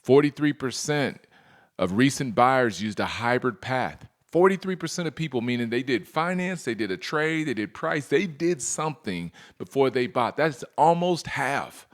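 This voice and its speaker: An energetic man coaches salespeople in a training presentation, throwing rhetorical questions at his audience and acting out customer conversations. He speaks at medium pitch and a measured pace, with hardly any pauses.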